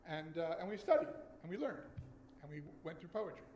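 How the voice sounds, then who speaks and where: An American man in his sixties speaks in a slightly raised voice, easy and conversational as he tells his story. When he reads, he slows to a careful pace. The sound rings through a roomy sanctuary over a faint background hum. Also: a little high, very animated, mellow, highs cut off. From United States. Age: 60s. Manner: conversational, with slow deliberate reading. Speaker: speaker at a Friday night service. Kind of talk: personal story and poetry reading. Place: synagogue sanctuary. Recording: echoey room with faint ambience.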